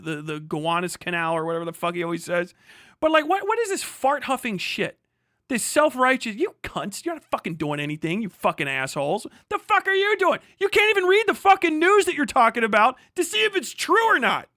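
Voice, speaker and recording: A man's voice: sits high, bright, forceful tone, no room sound, studio quality. A man streaming live, ranting angrily with heavy profanity and sarcasm as he reacts to an article.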